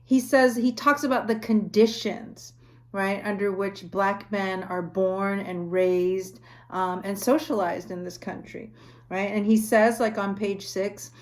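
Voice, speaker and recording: A woman's voice: mid-range voice, fairly even intonation, measured pace, a little mellow. Woman lecturer, conversational, reads passages aloud, mid-range voice, recorded lecture. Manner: conversational, frequent "right?" checks. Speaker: university lecturer.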